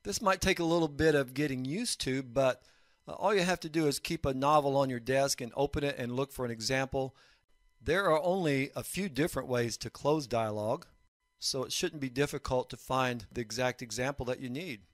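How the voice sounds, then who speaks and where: A man teaching a recorded lesson on writing fiction, explaining points in a measured way. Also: medium pitch, no echo, clean studio sound. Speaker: college instructor.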